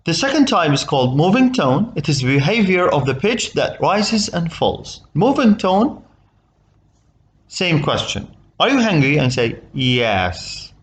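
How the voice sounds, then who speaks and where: Male teacher with an Arabic accent, patient and explanatory, voice a touch high with animated intonation. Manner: explains slowly, checks understanding with "okay?". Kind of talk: recorded English lesson.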